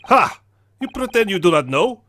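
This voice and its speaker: A man's voice: high-pitched, very animated, moderate pace, pushed and bright, a little hiss or hum, heavily acted. A man voicing a stern, threatening foreign officer in clipped, broken English while reading game dialogue. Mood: accusing.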